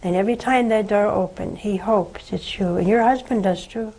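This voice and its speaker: An older woman, a nun, hosting a religious call-in show and answering a caller with slow, tender preaching. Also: medium pitch, mellow, poor audio.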